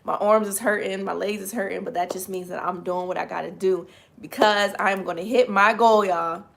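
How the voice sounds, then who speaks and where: A woman hosting a casual livestream, greeting viewers by name and chatting, her voice slightly raspy and strained today. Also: medium pitch, fairly even intonation, moderate pace. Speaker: livestream host.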